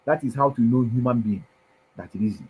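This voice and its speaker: A man giving an impassioned political monologue, emphatic and preachy, his voice swinging from loud to soft. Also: medium pitch, fairly quick, a little hiss or hum, low-quality recording. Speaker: commentator.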